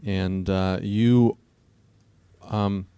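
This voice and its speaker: A man co-hosting a casual debate conversation, talking haltingly with many fillers and restarts. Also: lowish voice, fairly even intonation, dark tone, clean tone, no echo. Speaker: co-host.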